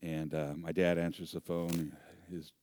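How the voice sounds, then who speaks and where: A middle-aged pastor with a very low voice tells a story from the pulpit. He is animated and funny, and he acts out voices and sound effects as he goes. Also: unhurried, dry recording. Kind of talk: sermon storytelling.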